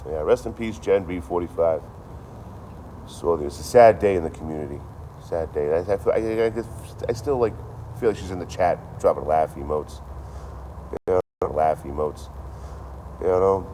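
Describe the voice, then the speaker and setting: A man's voice: low-pitched, moderate pace, warm tone, a little hiss or hum. A man in his thirties chatting casually on a livestream, with a dry, joking delivery and a lot of swearing. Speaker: livestream host.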